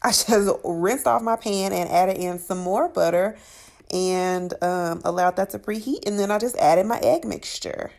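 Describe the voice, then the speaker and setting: A woman's voice: medium pitch, a little slow, vocal fry, darkish tone. A woman hosting a cooking channel, talking through her recipe in a sassy, chatty voice-over and calling her viewers honey and child.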